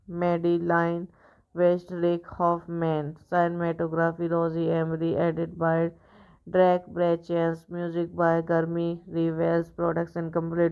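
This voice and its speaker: A woman hosting a movie review channel, reading out film credits and facts in a halting way, stumbling and restarting words. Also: on the low side, clean tone. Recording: dull lo-fi recording.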